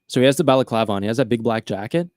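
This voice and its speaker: Animated man telling a story. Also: mid-range voice, very fast, no room sound, studio quality. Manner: animated storyteller acting out friends' lines. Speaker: podcast co-host. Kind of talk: casual storytelling chat.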